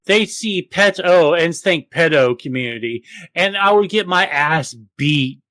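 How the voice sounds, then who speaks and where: High-voiced man ranting profanely. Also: animated, a little slow, sharp tone, no room sound. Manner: profane, ranting, mocks others in exaggerated voices. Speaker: podcast co-host. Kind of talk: casual podcast chat.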